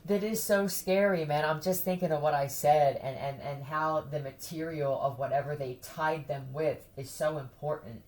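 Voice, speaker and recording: A woman's voice: low voice, normal speed, hardly any pauses, darkish tone. A woman chatting casually with her viewers, blunt and profane, often breaking into laughter. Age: adult who has a son.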